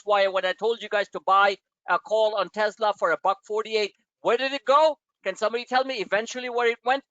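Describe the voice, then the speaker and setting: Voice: medium pitch, no room sound. A loose, rambling host leads a live trading webinar, peppering the talk with fillers and putting questions straight to the listeners. The audio is dry and dull, like a lo-fi online call. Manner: rambling and animated, heavy with "like" and "you know"; addresses listeners directly with questions. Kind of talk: casual live webinar teaching.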